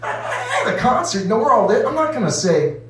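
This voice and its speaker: A man's voice: very high voice, very animated, brisk, crowd noise. A man doing his first stand-up set, rambling loosely with lots of "you know" and acting out voices. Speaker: stand-up comedian. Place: comedy club stage. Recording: echoey room, distant mic.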